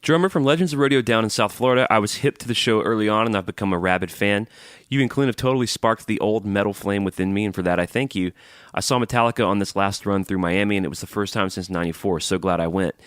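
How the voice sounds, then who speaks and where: An easygoing man co-hosts a podcast and reads fan mail aloud with a joking tone, throwing in a casual curse here and there. His voice is lowish and sounds dry, close to the mic. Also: fast talker, dry recording. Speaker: podcast co-host. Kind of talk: casual chat, reading listener emails.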